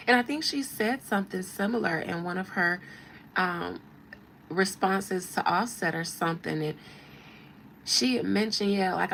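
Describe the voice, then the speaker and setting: A woman's voice: medium pitch, a little slow, creaky, a bit bright, a little hiss or hum, poor audio. A woman hosting a show as a tarot reader, giving blunt, slangy, mocking commentary. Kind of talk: casual commentary.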